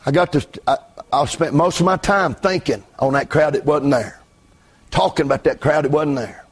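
A man pastor preaching a revival sermon from the pulpit, shouting in a chanting preaching cadence. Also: on the high side, moderate pace, slightly rough. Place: church pulpit.

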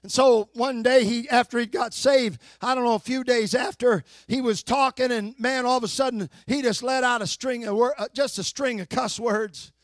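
An older man preaching a sermon in a folksy, plainspoken way, swinging from fervent shouted exhortation to low, slow storytelling. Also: fairly even intonation, dry recording, clean studio sound.

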